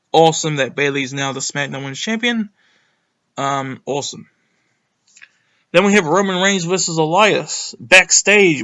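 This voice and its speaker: A young man talks through a wrestling event in a loose, rambling monologue, full of ums and sudden bursts of excitement. His voice sits a little high and sounds bright and sharp. He swears casually as he goes. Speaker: wrestling reviewer.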